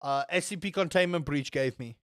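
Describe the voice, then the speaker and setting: Young male streamer with a fairly high voice, rambling and swearing while he chats over gameplay. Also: fairly quick, no room sound, studio quality. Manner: rambling, swears, answers chat and reacts to the game. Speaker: livestreamer. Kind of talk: casual gaming stream chat.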